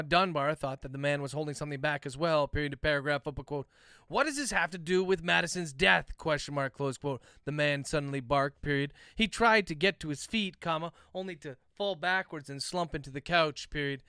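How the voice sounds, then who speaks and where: A man, an author, dictating a novel aloud on a livestream, speaking each punctuation mark, with relaxed, chatty asides to his viewers. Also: on the high side, fairly quick, smooth, dry recording, clean studio sound.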